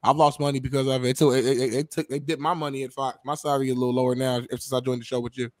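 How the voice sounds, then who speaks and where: A man co-hosting a sports talk show, talking rapidly in a casual, chatty way. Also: mid-range voice, level tone, darkish tone, dry recording, studio quality. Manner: rapid and talkative, defends himself at length. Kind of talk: casual chat.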